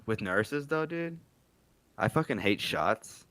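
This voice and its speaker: A man's voice: on the low side, lively intonation, takes it slowly, a bit bright, no echo. A young man co-hosting a podcast, telling a long story in a loose, profane, casual way. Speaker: podcast co-host. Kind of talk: casual chat.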